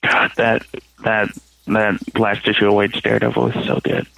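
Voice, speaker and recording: A man's voice: lowish voice, little pitch movement, moderate pace, gravelly, a bit bright, rough recording. Joking male podcast co-host. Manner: joking, playful. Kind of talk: casual chat, reading listener messages.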